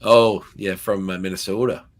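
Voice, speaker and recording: A Canadian man with a Nova Scotian accent hosts a podcast, his voice on the low side with a steady tone and normal speed. His casual chat meanders, full of fillers and restarts.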